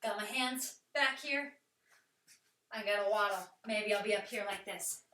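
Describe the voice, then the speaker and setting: A woman teaching a playful children's yoga session, talking in a sing-song voice that sometimes drops to soft whispers. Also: mid-range voice, measured pace, a little hiss or hum. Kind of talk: guided kids' yoga with animal play. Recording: echoey room, voice from a distance.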